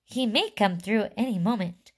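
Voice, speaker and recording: A woman voicing an eccentric, excitable male chocolate maker with theatrical exclamations, reading to a class. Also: medium pitch, moderate pace, breathy edge. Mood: solemn.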